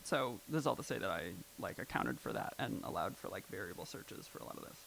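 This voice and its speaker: Chatty man, gravelly voice, full of fillers. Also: deep voice, sing-song, quick pace, fairly bright tone, slight background noise, low-quality recording. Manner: loose and chatty, many "like" and "um" fillers. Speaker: presenter at a live poetry and technology evening. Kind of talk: casual live talk explaining found poetry. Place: live event venue.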